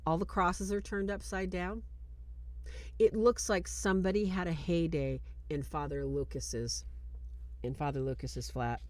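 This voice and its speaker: Woman host, casual live-stream commentary, animated retelling, close dry mic. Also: low voice, dry recording. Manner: animated and conversational, acting out scenes. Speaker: host of a film review show.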